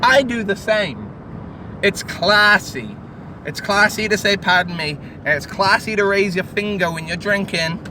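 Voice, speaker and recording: High-voiced tipsy man, loud street noise. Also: measured pace. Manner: animated, crude, joking. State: tipsy from drinking. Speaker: vlogger host. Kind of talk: rambling casual banter. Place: in a car in city traffic.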